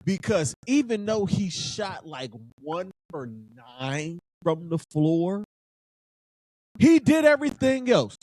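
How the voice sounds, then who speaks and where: A man with a high, light voice hosts a casual sports podcast. He talks emphatically and keeps circling back to the same phrases. The sound is dry and close, with no room around it. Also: very animated, slow pace, darkish tone, dry recording. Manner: fired-up, emphatic, repeats phrases for effect.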